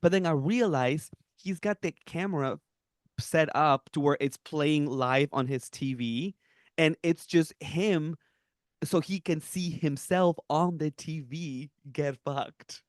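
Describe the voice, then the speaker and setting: A young man from Peru co-hosting a podcast, telling a story in animated casual chat with lots of laughs and fillers. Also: a little high, slow, no echo, clean studio sound. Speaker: podcast co-host.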